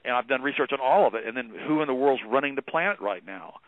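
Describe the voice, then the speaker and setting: A man speaking as a guest on a talk radio show, emphatic and preachy as he rushes through his points. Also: mid-range voice, animated, no echo. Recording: dry, phone-like narrow sound.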